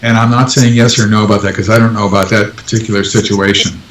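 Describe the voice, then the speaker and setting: A man's voice: lowish voice, little pitch movement, fast, fairly bright tone, a little hiss or hum, rough recording. A man answering interview questions in casual talk, hesitant, with many ums and restarts. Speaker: guest author.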